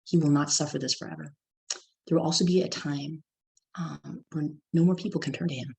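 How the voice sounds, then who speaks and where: A woman's voice: sits low, steady tone, fairly quick, gravelly, warm tone, poor audio. A middle-aged woman from California giving a personal testimony talk as guest speaker, telling a story and acting out her child's lines.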